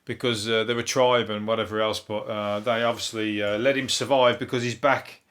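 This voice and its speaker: A man's voice: fairly low pitch, little pitch movement, normal speed, fairly bright tone. A man hosting a comedy podcast, rambling through the day's news with plenty of swearing and laughing at his own jokes. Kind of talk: casual comedic news chat.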